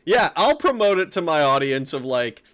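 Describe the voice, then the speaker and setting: A man's voice: on the high side, sing-song, normal speed, fairly bright tone. A man streaming a game, chatting casually with his viewers, reading out chat, laughing and swearing, with frequent restarts.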